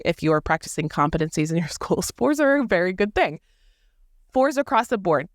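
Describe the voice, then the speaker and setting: A woman in her thirties talks through her own teaching experience with lively emphasis and playful asides. Her voice sits a little low for a woman. The recording is dry and close, with almost no room sound. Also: dry recording. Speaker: podcast host and teacher. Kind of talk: casual solo podcast talk.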